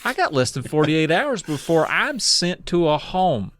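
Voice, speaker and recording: A man's voice: on the high side, very animated, a little slow, fairly bright tone. A man voicing a blunt, foul-mouthed teenage girl who talks in slang. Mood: brash.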